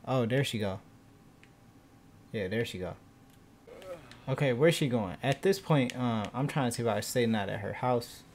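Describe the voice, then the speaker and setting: A young man hosting a gaming channel, giving casual let's-play commentary in loose slang with bursts of loud excited shouting. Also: mid-range voice, normal speed, long pauses, a little hiss or hum.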